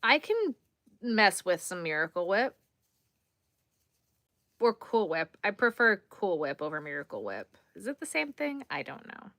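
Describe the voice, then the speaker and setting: This woman's mid-range voice is very animated and fairly bright, though she speaks a little slowly and pauses often. Hosting a laid-back crochet stream, she sounds slightly tired as she chats with viewers, reads out their comments, and replies while working her hook. There's no echo, and the studio sound is clean.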